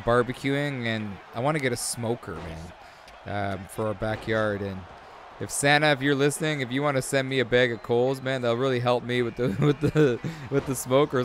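Man, thirties, excitable game commentary, rambling asides, faint noise behind. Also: mid-range voice. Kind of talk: casual gameplay commentary.

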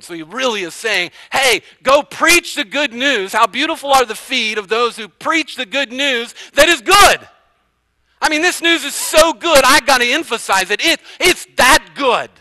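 A man, the pastor, preaching a sermon, swinging from hushed passages to fervent, emphatic ones. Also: high-pitched, no echo, poor audio.

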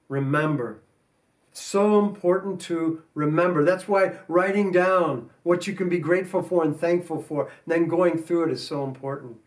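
A man with an American accent preaching a sermon as pastor, earnest, with slow emphatic stresses. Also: high voice, far from the mic. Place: church sanctuary.

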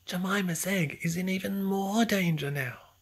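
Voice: mid-range voice, moderate pace, slightly rough, voice pushed up. A storybook reader voicing an eager young female rabbit who speaks earnestly in a slightly raised voice. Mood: worried.

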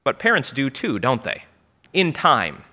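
Bright-voiced pastor preaching a sermon. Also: male voice, mid-range voice, wildly swooping pitch, measured pace. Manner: storytelling, asks the congregation questions. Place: church.

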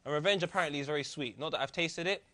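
A man with a London accent on a comedy football panel, talking in a deadpan way with jokey asides. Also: on the high side, racing. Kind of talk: casual comedy chat.

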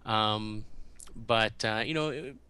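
A man as a podcast guest, telling stories in a halting, animated way and acting out quotes in a raised voice. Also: on the low side, clear, resonant tone. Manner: halting, often restarts. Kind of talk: casual storytelling in an interview.

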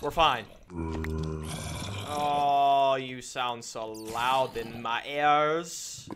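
A man commenting on his own gameplay in a goofy way, talking to the animals and mobs and breaking into panicked yells. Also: medium pitch, fairly even intonation, very slow, background noise. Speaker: gaming channel host. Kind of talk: let's play commentary.

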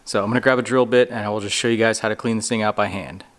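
A man hosting a hands-on repair tutorial, walking through each step in a relaxed way with dry, sarcastic asides. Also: on the low side, racing. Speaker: DIY motorcycle repair tutorial host. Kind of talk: casual how-to walkthrough.

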